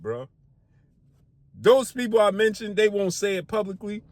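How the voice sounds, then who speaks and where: A man's voice: high voice, big pitch swings, moderate pace, no echo. A man hosting a sports channel, firing off rhetorical questions in a heated, slangy boxing commentary rant. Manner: slangy casual speech.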